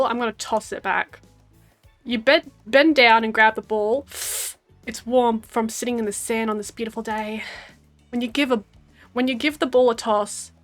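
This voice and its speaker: A woman's voice: fairly high pitch, a bit bright. An Australian woman in her twenties, a game streamer reading a dating game aloud with giggly, wry asides. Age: 20s.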